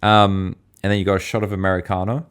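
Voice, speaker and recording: A man's voice: deep voice, little pitch movement, fast, fairly bright tone, clear, resonant tone. An Australian man co-hosting a podcast, telling rambling stories in casual slang, full of fillers. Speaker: podcast co-host.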